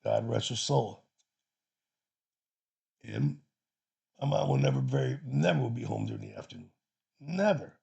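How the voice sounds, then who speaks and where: A man's voice: mid-range voice, creaky, dark tone, slightly rough. A man from Chicago casually telling a personal story, rambling and profane with many restarts. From Chicago, USA.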